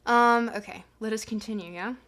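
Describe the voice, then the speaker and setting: A woman's voice: on the high side, fairly even intonation, moderate pace, a bit bright. A woman streamer casually explaining a philosophy text between readings, chatty and giggly with many fillers. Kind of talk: casual live-stream commentary.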